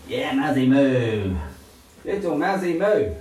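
A man's voice: a little high, sing-song, slow pace, long pauses. A man baby-talking to a puppy in a playful, coaxing voice. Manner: playful, coaxing, sing-song. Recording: echoey room from far off, faint noise.

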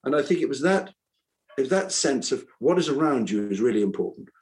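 A man's voice: mid-range voice, expressive, a little fast, darkish tone, poor audio. An older man, an author who once taught school, talks reflectively in an interview, earnest and rambling, often restarting his sentences. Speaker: author and former teacher.

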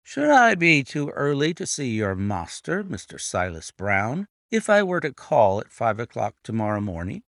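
A man voicing a calm, clever detective with a measured, composed manner in a read-aloud story. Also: mid-range voice, gravelly, no room sound, studio quality, full character voice. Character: calm, clever male detective, cool and assured.

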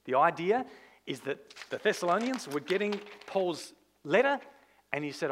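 A man, a pastor, preaching a sermon in an animated, conversational way, full of rhetorical questions. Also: fairly high pitch.

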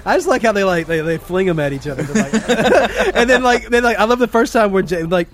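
High, animated man joking crudely. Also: fairly quick, over music. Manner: crude jokes, laughing. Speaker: podcast co-host. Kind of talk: casual film discussion.

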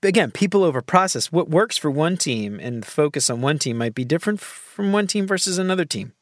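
A man's voice: fairly high pitch, expressive, brisk, no echo, clean studio sound. A man hosting a podcast, jokey and chuckly, often trailing off at the ends of his sentences. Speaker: podcast host. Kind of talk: casual chat.

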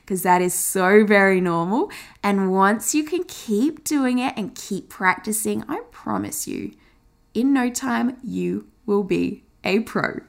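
A woman teaching on camera as a marketing coach, chatty and encouraging, showing how fast, slow, high and low delivery sounds. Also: lively intonation, creaky.

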